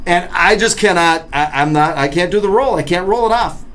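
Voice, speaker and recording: A man hosting an interview, friendly and self-deprecating, firing off quick questions. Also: sits high, fairly bright tone. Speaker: interview host. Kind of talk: casual interview chat.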